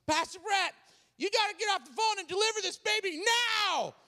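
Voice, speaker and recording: A man's voice: extremely high pitch, lively intonation, fast, gravelly, pitched above the performer's own voice, full character voice. A man voicing a young female church assistant who talks in an urgent, bossy way.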